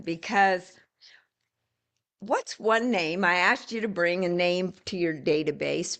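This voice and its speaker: Gravelly-voiced woman coaching a live call. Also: lowish voice. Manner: storytelling, encouraging, conversational with restarts. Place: video call.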